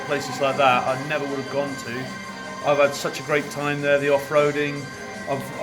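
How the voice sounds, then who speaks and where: A man who served in the army, giving a steady, sincere account of the trip. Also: mid-range voice, rough recording. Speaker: army veteran on the expedition. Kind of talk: reflective personal account.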